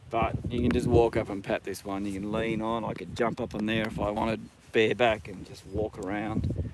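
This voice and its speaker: A man's voice: on the low side, level tone, normal speed, very noisy. A man with an Australian accent, live-streaming from a horse paddock on his phone, ranting and then chatting casually. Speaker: livestream host.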